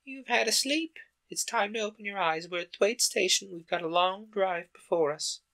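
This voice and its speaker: A man voicing a brisk, matter-of-fact middle-aged woman housekeeper in a storybook reading. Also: sits high, gravelly, pushed and bright, voice pushed up, full character voice.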